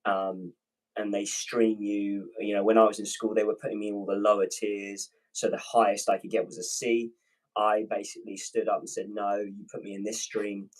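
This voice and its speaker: A man's voice: lowish voice, flat delivery, moderate pace, low-quality recording. A British man, a guest on a casual livestream, telling his story in an earnest, winding way. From Britain. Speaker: guest, airline pilot.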